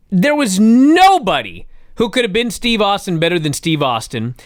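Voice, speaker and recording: A man co-hosting a casual chat show, retelling events with excitable, profane storytelling. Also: high-pitched, moderate pace, dry recording, studio quality. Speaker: podcast co-host recapping wrestling.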